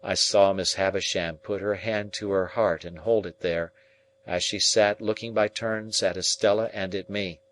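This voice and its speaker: A man reading a classic novel aloud as audiobook narrator, in a measured storytelling way. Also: low voice, fairly even intonation, a bit bright.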